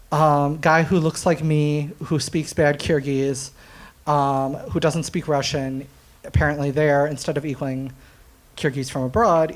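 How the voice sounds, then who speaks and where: At a comedy night, a young man from the United States does stand-up storytelling, animated and often laughing at his own jokes, with plenty of ums and uhs. His voice is a little high.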